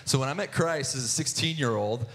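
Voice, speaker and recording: A man's voice: mid-range voice, a little fast, a bit bright. A young man in his twenties telling his personal testimony in church, earnest, with many restarts and filler words. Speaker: guest speaker sharing testimony.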